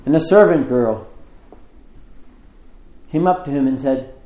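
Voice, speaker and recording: A man giving a measured, expressive liturgical scripture reading in a church. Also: medium pitch, echoey room, poor audio. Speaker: scripture reader.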